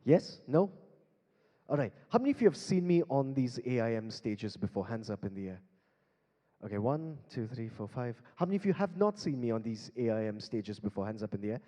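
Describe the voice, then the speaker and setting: On the stage of a large conference hall, a man with an Indian English accent emcees and beatboxes, playfully coaxing the audience to join in. His mid-range, dark-toned voice is sing-song and brisk, picked up by a handheld stage mic with long hall reverb.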